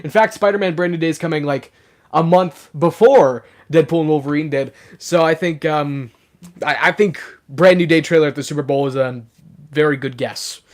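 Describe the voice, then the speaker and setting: A young man hosts his live stream, reading chat aloud and talking casually. Being sick has roughened his voice a little. He sits somewhat high in pitch and chatters eagerly with plenty of "um"s. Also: moderate pace. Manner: chatty and excitable, full of fillers. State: sick, voice sounds rougher than usual.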